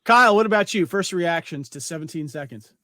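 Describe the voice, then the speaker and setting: A man's voice: on the high side, fairly quick, dry recording, studio quality. A man hosting a casual podcast discussion, handing questions to guests with brief, upbeat affirmations. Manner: lively, brief affirmations, steers the conversation. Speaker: podcast host.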